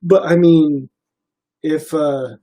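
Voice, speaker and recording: A man's voice: on the high side, slow. A young man hosting a casual livestream, chatting loosely to his viewers with lots of fillers and restarts. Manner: relaxed, rambling, many fillers. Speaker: livestream host.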